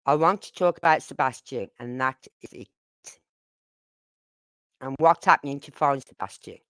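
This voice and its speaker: A woman's voice: a bass voice, moderate pace, smooth, dry recording. A woman hosting a casual commentary livestream, emphatic and repeating her points. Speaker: livestream host.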